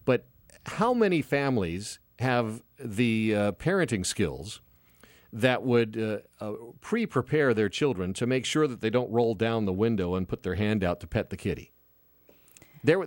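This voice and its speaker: A man hosting a casual radio talk show, bantering with co-hosts in a lively, playful way from a studio microphone. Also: medium pitch, moderate pace, dry recording. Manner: lively, animated delivery with playful asides. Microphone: close studio microphone.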